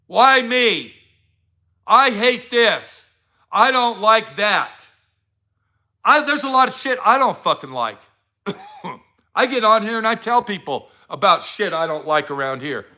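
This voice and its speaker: Middle-aged man, blunt and profane, preachy motivational vlogger; high, sharp tone. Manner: blunt, heavy swearing, preachy. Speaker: vlogger giving a motivational talk. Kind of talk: profane casual motivational rant.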